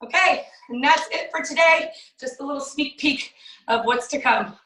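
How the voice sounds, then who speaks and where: Bright, energetic woman fitness coach. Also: high voice, moderate pace. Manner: energetic, counts and cues moves. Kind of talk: guided workout instructions. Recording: echoey room, distant from the mic.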